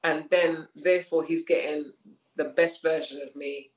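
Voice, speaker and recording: A woman's voice: deep voice, fairly even intonation, moderate pace. A woman talking candidly about her marriage as a guest, often repeating her phrases and breaking into laughs. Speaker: podcast guest. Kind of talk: casual conversation. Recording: roomy echo.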